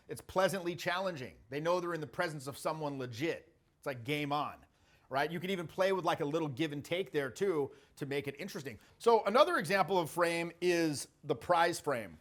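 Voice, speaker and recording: A man's voice: on the high side, expressive, fairly quick. Blunt, swearing male social coach. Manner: blunt, profane, jokey storytelling. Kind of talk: casual coaching talk.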